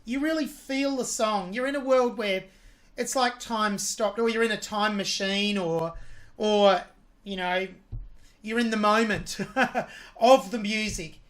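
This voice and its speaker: A woman's voice: medium pitch, unhurried. Woman analysing a singer's technique. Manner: analytical, admiring, breaks down vocal technique. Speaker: vocal reaction host. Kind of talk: music reaction commentary.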